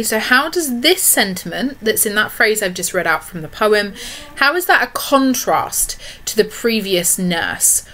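A woman teacher giving a recorded online literature lesson, explaining in an even way with frequent check-ins to her students. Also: medium pitch.

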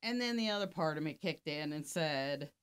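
A woman's voice: low voice, expressive, normal speed, clear, resonant tone. A middle-aged woman, a life coach, telling a story in casual conversation and acting out both sides of the dialogue. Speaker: podcast guest, life coach.

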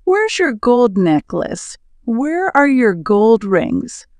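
A rich, scheming neighbor from a storybook tale, coaxing and smooth-worded, as a woman reads him out. The lines come very slowly and crisply, in a dry, close sound. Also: fairly high pitch, sing-song, darkish tone, no room sound. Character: rich handsome scheming man.

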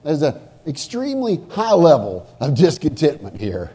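A pastor preaching a sermon in church, animated, swinging from loud emphasis to hushed asides. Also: male voice, fairly high pitch, normal speed, slightly rough. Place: church sanctuary.

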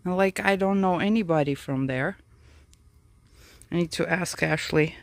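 A woman's voice: lowish voice, a little slow, creaky, no room sound. A woman hosting a casual garden tour vlog, chatty and out of breath from the heat, talking to her plants and her viewers. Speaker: orchid grower and channel host. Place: outdoor orchid garden.

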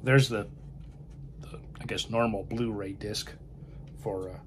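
A man's voice: fairly low pitch, fairly even intonation, slow pace, noisy background. A man chatting casually about films, rambling and often trailing off to a murmur. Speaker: film vlogger. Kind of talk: casual film chat.

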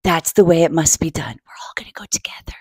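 A woman voicing a gentle little bunny in a storybook, speaking softly and slowly in a hushed way. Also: low voice, animated, slightly rough, dry recording, whispered, clean studio sound, pitched below the performer's own voice. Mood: encouraging. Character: gentle little bunny rallying her friends.

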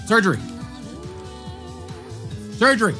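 A man's voice: sits high, sing-song, takes it slowly, sharp tone, faint music behind. A man in his thirties streaming from home, reading out chat answers and joking through a quiz game. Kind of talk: casual livestream commentary.

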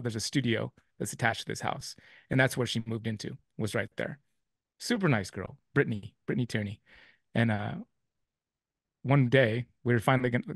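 A man's voice: medium pitch, vocal fry, no echo. Man telling his story in a dry room. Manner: rambling, with many restarts and quoted dialogue. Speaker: guest. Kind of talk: telling a personal testimony.

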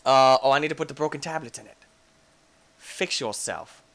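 A man giving excitable let's-play commentary as he reviews a game mod, playfully talking to game objects and breaking into sudden jokey shouts. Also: mid-range voice, moderate pace.

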